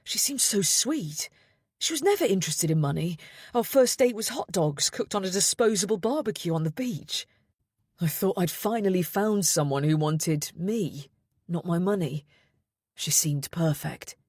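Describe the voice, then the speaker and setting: A woman voicing a wealthy young man who speaks with a trembling, quiet voice. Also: fairly low pitch, expressive, normal speed, breathy edge, no echo, studio quality. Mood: wistful.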